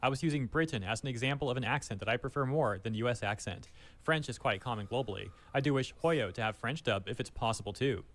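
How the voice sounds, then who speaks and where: A man's voice reading out online comments in an even, flat delivery. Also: mid-range voice, fast, natural voice.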